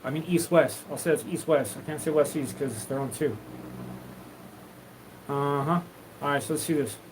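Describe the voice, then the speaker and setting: A man's voice: fairly high pitch, normal speed, noisy background. A man hosting a live stream, talking in a loose, rambling, profane stream of consciousness. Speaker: livestream host.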